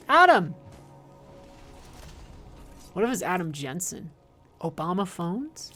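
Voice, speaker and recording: A woman's voice: fairly low pitch, sing-song, takes it slowly, pauses often, fairly bright tone, soft background music. Rambling, profane woman in her thirties. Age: 30s. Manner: rambling, profane, sarcastic rants with restarts. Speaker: streamer. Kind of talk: casual livestream chat while gaming.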